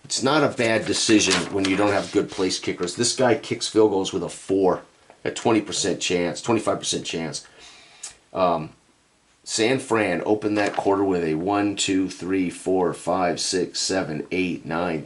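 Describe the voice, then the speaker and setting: Lower-voiced man calling a tabletop football game. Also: slight background noise. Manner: chatty, breaks into casual asides about the rules; speeds up and lifts on big plays. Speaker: tabletop game designer and host. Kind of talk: solo play-by-play commentary of a tabletop football game.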